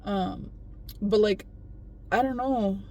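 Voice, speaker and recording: A woman's voice: medium pitch, takes it slowly, a little mellow, highs cut off, slight background noise. Emotional rambling woman vlogger. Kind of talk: casual personal vlog.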